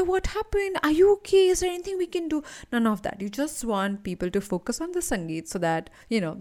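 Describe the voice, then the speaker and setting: Animated woman motivational coach. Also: medium pitch. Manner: animated, addresses listener as my friend. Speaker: leadership and anti-anxiety coach, podcast host. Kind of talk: motivational podcast storytelling.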